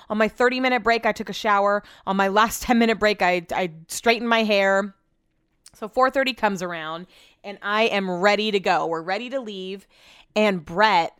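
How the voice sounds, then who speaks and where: A woman's voice: mid-range voice, a bit bright, smooth, dry recording, studio quality. A woman vlogger telling a casual, rambling story at her computer, with side remarks and self-corrections.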